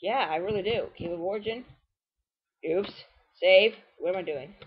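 A woman's voice: mid-range voice, moderate pace, muffled recording, a little hiss or hum. A woman giving rambling, casual commentary while playing a video game and talking back at it. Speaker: let's play host.

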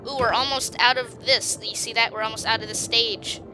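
A woman giving casual, excitable commentary on her gameplay, taunting creatures on screen and giggling often. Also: fairly high pitch, a little fast, slight background noise. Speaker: gaming video host.

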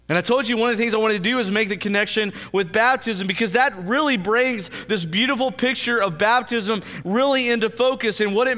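A man preaching a sermon as pastor, earnest, stammering into restarts and swinging between hushed and lively. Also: high-pitched, in a large hall. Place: church sanctuary.

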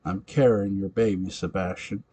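A man reading the part of a defiant young pregnant woman in an amateur audiobook, pleading and forceful by turns. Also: deep voice, fairly even intonation, normal speed, slightly rough, low-quality recording.

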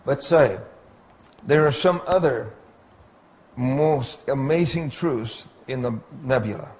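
A man giving an illustrated Bible lecture, pointing out details on slides in a slow, deliberate way. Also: medium pitch, expressive, a little mellow. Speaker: Bible teacher.

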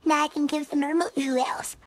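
A woman voicing a tall young wolf girl who keeps hiccupping, speaking in a squeaky, flustered, halting way in an audio role-play. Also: fairly even intonation, a little hiss or hum, close to an everyday voice. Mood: frustrated whiny. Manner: flustered, pleading, halting speech. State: hiccupping constantly.

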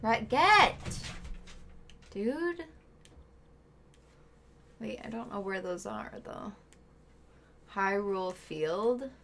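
A woman streamer chats casually over her gameplay at an unhurried pace, muttering to herself and scolding a pet. Her pitch sits in a middle range, with faint noise behind her. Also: vocal fry.

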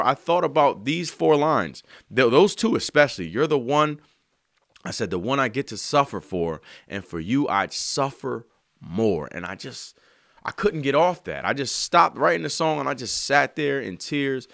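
A man telling an emotional story about writing a song, earnest and slangy, sometimes softly singing lines. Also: medium pitch, expressive, moderate pace, creaky, no echo, clean studio sound. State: choked up. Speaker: songwriter. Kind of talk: heartfelt spoken testimony.

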